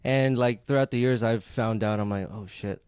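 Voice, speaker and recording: A man's voice: mid-range voice, fairly even intonation, moderate pace, a little mellow, clean tone, dry recording. A young man chats casually as a podcast co-host. He is laid-back and laughs often. The sound is dry and close.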